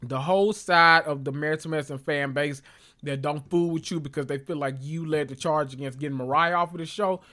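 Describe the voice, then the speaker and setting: A man's voice: on the high side, fairly even intonation, a little fast, sharp tone. A man hosting a podcast, chatting casually and profanely, rambling with self-interruptions. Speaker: podcast host. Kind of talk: casual reality-TV recap chat.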